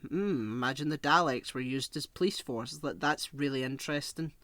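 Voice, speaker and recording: A man's voice: mid-range voice, moderate pace, sharp tone, no echo. A young man chatting casually as a podcast co-host, ranting in exasperation, swearing and filling with "like". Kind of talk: casual chat.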